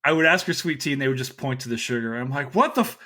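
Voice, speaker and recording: A man from Kentucky hosting a history podcast, talking in a joking, animated way with quick asides. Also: mid-range voice. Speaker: podcast host, history teacher. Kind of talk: casual podcast chat.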